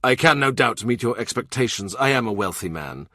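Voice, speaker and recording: Man voicing a shrewd wealthy man, wry, understated, mid-pitched, dry. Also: expressive, brisk, bright, forceful tone, no echo.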